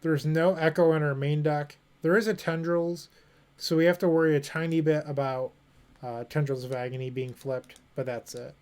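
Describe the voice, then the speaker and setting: A man's voice: a little high, steady tone, normal speed, darkish tone, clear, resonant tone. A young man streaming a card game, thinking aloud and joking with his chat in a casual way. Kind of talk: casual commentary while playing.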